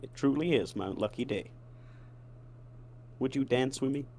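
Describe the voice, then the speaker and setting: A man's voice: mid-range voice, unhurried, darkish tone. A man putting on a Southern accent to voice a folksy, ambitious elderly chicken tycoon in a dating game, in courtly, old-fashioned phrasing. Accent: put-on American Southern. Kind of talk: voice acting a dating game character.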